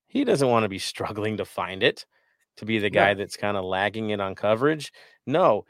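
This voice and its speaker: A man's voice: medium pitch, no room sound, clean studio sound. A man hosting a casual sports talk panel, rambling a little with fillers and restarts as he asks his co-hosts questions. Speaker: podcast host.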